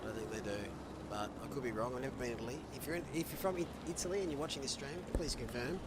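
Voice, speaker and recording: A man commentating an online racing event, chatty and joking, getting loud and excited when the race action kicks off. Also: mid-range voice, rapid-fire, very noisy.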